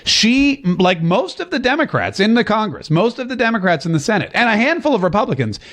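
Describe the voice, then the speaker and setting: A man's voice: high voice, very animated, a little fast, fairly bright tone. Rambling sarcastic male talk show host. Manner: rambling, sarcastic, lots of filler words and restarts. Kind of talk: call-in political commentary.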